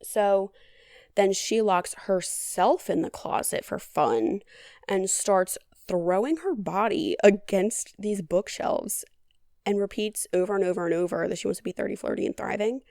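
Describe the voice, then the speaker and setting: A woman hosts a podcast and retells a movie plot in a chatty, deadpan, sarcastic way, with plenty of "like". Her mid-pitched voice carries a gravelly vocal fry. The recording is close and dry, with no room sound. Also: measured pace, no echo. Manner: chatty, heavy on "like". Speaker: podcast host. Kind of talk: casual movie recap.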